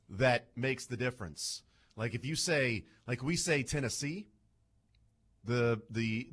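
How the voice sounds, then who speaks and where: A male sports radio host talks from the studio in an everyday, mid-pitched voice. He is chatty and playful, teasing his co-hosts between segments. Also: fairly bright tone, breathy edge.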